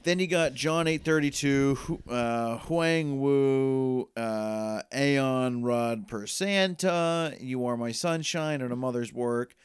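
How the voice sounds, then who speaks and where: A man talks through a TV season in loose, rambling play-by-play and swears freely. His voice is very smooth and crisp, at a middle pitch. The sound is dry and close, with no room echo. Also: slow pace, few pauses. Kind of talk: casual chat recapping a TV season.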